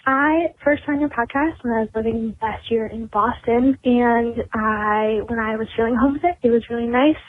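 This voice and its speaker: A woman's voice: a little high, moderate pace, few pauses, no echo, narrow, tinny audio. A woman from Michigan leaving a chatty, earnest voicemail for the hosts. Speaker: caller. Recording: phone voicemail.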